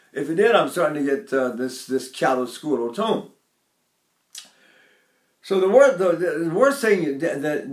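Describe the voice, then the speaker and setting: Older male voice teacher in an echoey room. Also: on the high side. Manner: talks to his class, breaks into brief sung and nasal demonstrations. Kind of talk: vocal lesson with sung demonstrations.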